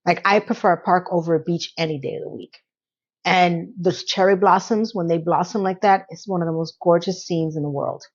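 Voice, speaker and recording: A woman's voice: lowish voice, a little fast, muffled recording. Chatty sassy woman recapping a show. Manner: chatty, sassy, talks straight to the viewer. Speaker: recap vlogger. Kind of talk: casual TV recap commentary.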